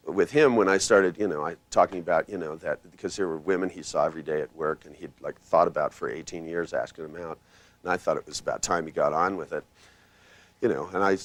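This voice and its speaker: A man's voice: on the low side, no echo. An older man teaching hypnotherapy techniques in a live workshop, rambling and conversational with punchy spoken commands.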